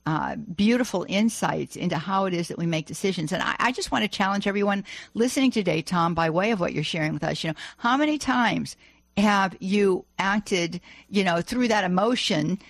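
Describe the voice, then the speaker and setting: A woman's voice: medium pitch, expressive, normal speed, gravelly, dry recording. A woman hosting a Catholic radio call-in show, gushing with praise and full of fillers and restarts. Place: radio studio.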